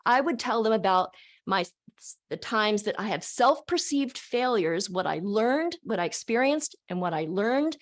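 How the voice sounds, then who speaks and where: An older woman, a speaker and college teacher, gives an animated motivational talk over a video call. She talks expressively, restarting her sentences often. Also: medium pitch, unhurried.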